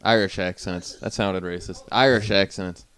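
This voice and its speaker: A man co-hosting a comedy podcast in relaxed, laid-back banter. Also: low voice, normal speed, smooth. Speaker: podcast co-host. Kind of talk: casual comedy chat.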